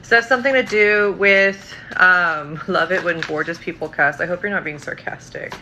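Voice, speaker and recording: A woman's voice: lowish voice, moderate pace, bright, forceful tone, slight background noise, low-quality recording. A woman giving tarot readings on a livestream, casual and scattered, with frequent ums and likes and free swearing.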